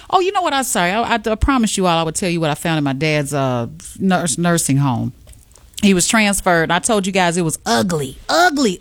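A woman hosts an afternoon radio show, chatting with a co-host in an animated, emphatic way. Her voice sits at a middle pitch. It is recorded dry and close, with no room sound. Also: no echo. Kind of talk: casual radio chat.

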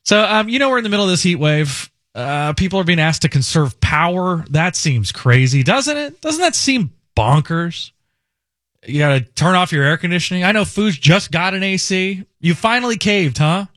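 A man's voice: high-pitched, animated, moderate pace, fairly bright tone, dry recording, studio quality. A man from Indiana hosting a casual talk show, rambling and joking at his own expense. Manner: rambling, self-mocking, joking. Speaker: radio host.

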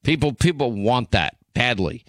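A man's voice: mid-range voice, expressive, normal speed, no room sound. A man hosting a talk radio show, giving emphatic, indignant commentary into a studio mic.

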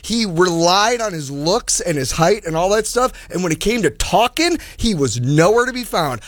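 A man's voice: high voice, expressive, moderate pace, no room sound. A man co-hosting a casual talk show, telling stories animatedly and acting out dialogue. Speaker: co-host. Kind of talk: casual banter and storytelling.

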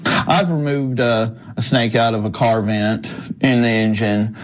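A man from animal services answers interview questions plainly, pausing and hesitating as he speaks. His voice sits in a middle range. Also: medium pitch, fairly even intonation. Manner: plain, halting with fillers.

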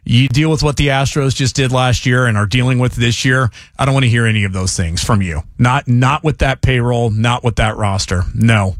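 A man hosting a morning sports talk radio show, speaking in an animated, emphatic way with quick restarts. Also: mid-range voice, dry recording, studio quality. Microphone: studio microphone.

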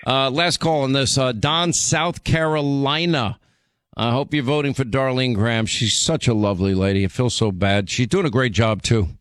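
A man in his sixties hosting a national radio talk show, with a faint New York accent and many quick stammered restarts. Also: mid-range voice, fairly bright tone, clean tone, dry recording, studio quality. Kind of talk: talk radio, live ad read. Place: radio studio.

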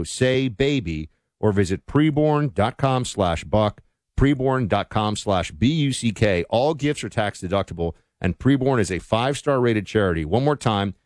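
A man's voice: fairly low pitch, lively intonation, moderate pace, a little mellow, no room sound. A man co-hosting a talk radio show, chatting and reading a live sponsor spot with emphasis. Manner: conversational, emphatic ad delivery. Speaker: radio co-host.

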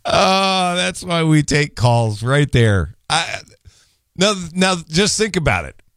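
A man hosting a call-in radio show, chatting and joking with callers in a relaxed, drawn-out way. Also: a little high, dry recording, studio quality. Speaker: radio talk show host. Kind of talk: casual call-in talk.

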